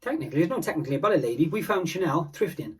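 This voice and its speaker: A man's voice: a little high, lively intonation, racing, breathy edge. A man co-hosting a thrift vlog with dry, sarcastic teasing. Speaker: thrift reseller and co-host. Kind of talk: casual vlog chat.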